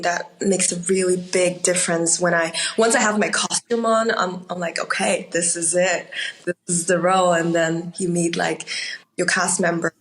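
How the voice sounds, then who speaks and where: German-accented actress chatting away, mid-pitched, laughs a lot, lots of likes and ums. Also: female voice, low-quality recording. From Austria. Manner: warm, chatty, laughs often, many fillers. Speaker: actor guest. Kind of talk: casual interview chat.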